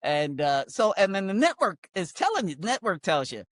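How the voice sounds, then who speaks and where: An older male comedian telling a lively, self-mocking story in casual chat. He acts out quoted voices and fills gaps with "blah, blah, blah". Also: sits high, normal speed. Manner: wry, self-mocking humor. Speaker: comedian guest.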